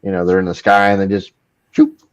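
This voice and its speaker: A man's voice: low-pitched, level tone, brisk. A man in a casual podcast chat, hesitating and trailing off as he thinks. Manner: hesitant, trailing off mid-thought. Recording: dull lo-fi line.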